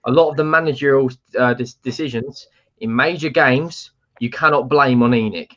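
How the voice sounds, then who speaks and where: A man's voice: medium pitch, moderate pace, a bit bright, lo-fi sound. A man talking football in casual, heated chat, blunt and repeating himself. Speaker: football podcast panelist.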